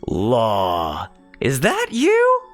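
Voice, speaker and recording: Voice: huge pitch swings, very slow, soft background music, heavily acted. Game master voicing a gushing mohawked punk guy. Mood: mocking. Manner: gushing, wild pitch swings. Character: excitable male punk with a mohawk and shotgun. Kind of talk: tabletop game character voice.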